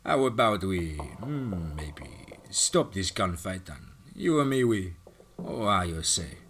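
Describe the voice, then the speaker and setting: A man voicing a vengeful male gang boss with a thick Russian accent, speaking slowly and taunting while groping for English words. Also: low-pitched, big pitch swings, a bit bright, slight background noise, full character voice.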